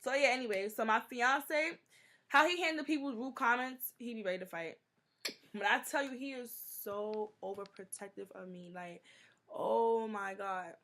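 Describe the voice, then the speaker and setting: Chatty young woman, animated storyteller. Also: on the high side, normal speed. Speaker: vlogger. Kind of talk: casual Q&A vlog.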